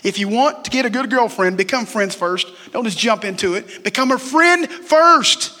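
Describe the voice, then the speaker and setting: Pastor, 40s, man, bright and forceful tone, casual sermon that quizzes the congregation. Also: high voice, a little fast. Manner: conversational, asks the crowd questions and jokes. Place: church sanctuary. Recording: long hall reverb.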